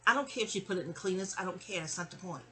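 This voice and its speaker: An indignant aunt who scolds and accuses, pressing each point , voiced by a woman retelling the story. The tone is bright and forceful. It sounds close to the storyteller's own voice. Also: on the low side, expressive, rapid-fire.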